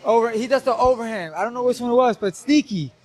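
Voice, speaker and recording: A man's voice: very high-pitched, quick pace, a little mellow. A young man being interviewed after a boxing bout, who rambles and then turns confrontational and defensive. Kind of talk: post-fight interview.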